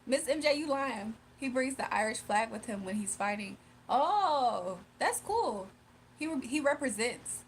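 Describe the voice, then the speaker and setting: A young woman talks unhurriedly and playfully to her livestream chat in a fairly high voice, laughing often. She reads viewer comments aloud and teases them. Faint room ambience sits behind her. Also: lively intonation, measured pace, slight background noise. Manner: playful, teasing.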